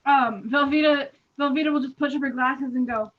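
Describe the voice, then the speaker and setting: A woman's voice: high voice, steady tone, fairly quick. A woman playing in a tabletop game, hesitant and laughing as she thinks aloud. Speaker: player. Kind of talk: casual role-play chat. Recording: dull lo-fi mic.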